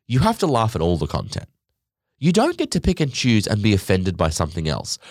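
Sarcastic ranting man, lively pitch. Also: no room sound, clean studio sound. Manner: sarcastic, profane, animated swings in pitch. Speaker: podcast host. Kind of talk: ranting comedic monologue.

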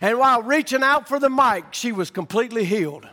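A man preaching a sermon, rising from quiet storytelling to fervent shouting. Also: very high voice, animated, a little fast, in a large hall.

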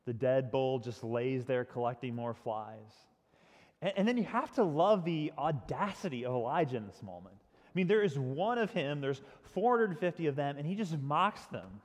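A man's voice: medium pitch, sing-song, normal speed. Male pastor, dramatic sermon storyteller, big reverberant hall. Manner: dramatic storytelling, swinging from loud to hushed.

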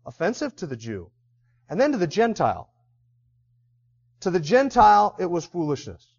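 High-pitched guy preaching hard, asks the crowd questions, kinda muffled lo-fi sound. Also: huge pitch swings, normal speed, vocal fry, a little mellow. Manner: impassioned, acts out quoted voices, asks the audience questions. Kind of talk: sermon. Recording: slightly dull, lo-fi recording.

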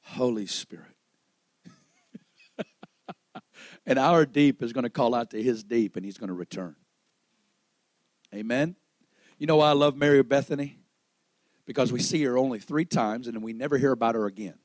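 A man preaching a sermon, dramatic, swinging between loud exclamation and hushed storytelling, acting out the dialogue in the stories he tells. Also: mid-range voice, moderate pace, pauses often, dry recording.

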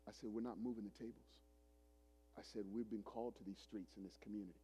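A man in his forties preaching a sermon as a pastor, telling a story dramatically, swinging from loud preaching to hushed retelling. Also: lowish voice, fairly even intonation, quick pace, husky. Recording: long hall reverb.

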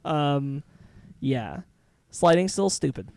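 A man's voice: fairly high pitch, expressive, slow, gravelly, warm tone, no echo. A man co-hosting a casual podcast chat, enthusiastic, laughing often and restarting his sentences. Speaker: podcast co-host.

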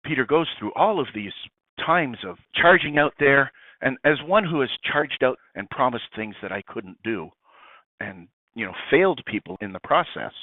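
A priest telling a story in a lively way, acting out the dialogue. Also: male voice, mid-range voice, normal speed, no echo. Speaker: priest guest. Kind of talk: animated conversational reflection. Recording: tinny phone-like sound, dry.

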